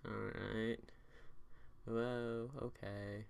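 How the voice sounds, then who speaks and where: Guy doing a deadpan dramatic fanfic reading, slow, bright clear voice. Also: fairly low pitch. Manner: reads in deadpan mock drama, laughing through absurd lines. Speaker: fan video host reading a fanfic aloud.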